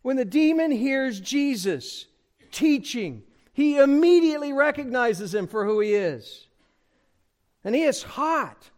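A male pastor with a notably high voice preaches a sermon verse by verse. He talks straight to his listeners and often asks them questions. His pitch and loudness climb as he presses a point. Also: a little slow. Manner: animated, rises in pitch and volume for emphasis; addresses the congregation directly with questions. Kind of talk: expository sermon.

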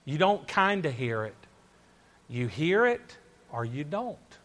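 A male preacher delivering a sermon at an unhurried pace. His voice sits a little high for a man. He presses his points by repeating phrases and asking his listeners question after question. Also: sing-song, fairly bright tone. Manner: emphatic, repeats himself, rhetorical questions.

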